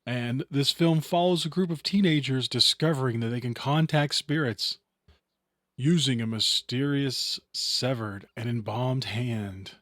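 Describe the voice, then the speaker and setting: A man's voice: medium pitch, unhurried, fairly bright tone, no room sound, studio quality. A man co-hosting a horror film podcast in a casual, chatty, joking way. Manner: laid-back, chatty, joking. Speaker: podcast co-host. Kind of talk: casual chat.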